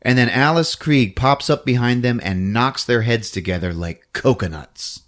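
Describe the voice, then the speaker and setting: A man hosting a podcast, recapping a film in an animated, laughing storytelling style. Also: medium pitch, normal speed. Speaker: podcast host.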